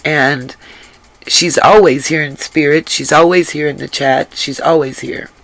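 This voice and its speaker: A woman hosting a casual livestream and reading the chat aloud, drained, her voice rough from crying, earnest and emphatic and given to repeating herself. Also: sits low, fairly even intonation, a little slow, low-quality recording. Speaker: livestream host.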